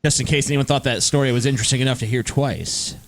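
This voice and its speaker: A man's voice: mid-range voice, steady tone, fast, creaky. A man co-hosting a podcast, bantering casually, swearing and groping for words. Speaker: podcast co-host.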